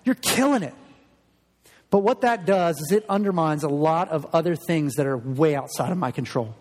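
Male pastor, earnest sermon, emphatic, higher-pitched voice, long echoing church reverb. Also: fairly quick, a little mellow. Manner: earnest and emphatic, repeats words.

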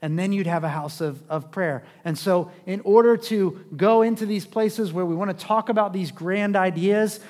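A man preaching a sermon in a conversational way, asking rhetorical questions and swinging between loud and hushed. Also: high-pitched, moderate pace, hardly any pauses. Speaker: pastor. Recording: long reverb of a large hall.

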